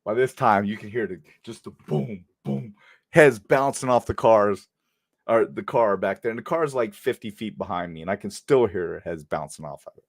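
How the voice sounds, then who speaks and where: A man's voice: lowish voice, moderate pace, vocal fry. A middle-aged man, a former police officer, telling a story casually and talking straight to his viewers. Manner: animated anecdote-telling, addresses viewers directly.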